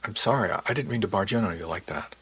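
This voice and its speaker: A man's voice: fairly low pitch, fast talker, fairly bright tone, husky. A man reading an audiobook, voicing a shy, skittish adult woman who speaks hesitantly. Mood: timid.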